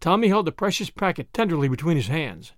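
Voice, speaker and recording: A man narrating an audiobook in an expressive storytelling manner. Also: fairly high pitch, fast, dry recording, clean studio sound. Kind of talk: scripted narration.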